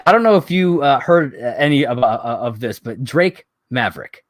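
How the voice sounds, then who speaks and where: A man's voice: medium pitch, expressive, moderate pace, no room sound, clean studio sound. A man co-hosting a podcast, recapping wrestling events in casual, profane, exasperated storytelling. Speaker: podcast co-host.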